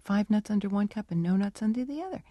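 A middle-aged woman researcher answering interview questions and telling her work stories with lively, acted-out dialogue. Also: medium pitch, fast, no echo. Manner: animated storytelling, acts out dialogue. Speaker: animal cognition researcher.

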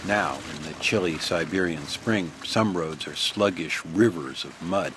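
A male radio reporter giving measured, descriptive scripted news narration. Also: deep voice, background noise.

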